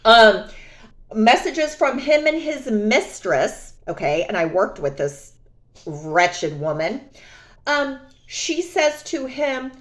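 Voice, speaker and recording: A young adult woman telling a personal story in a casual vlog, sassy and animated, often mocking others. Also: fairly high pitch, takes it slowly. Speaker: vlogger.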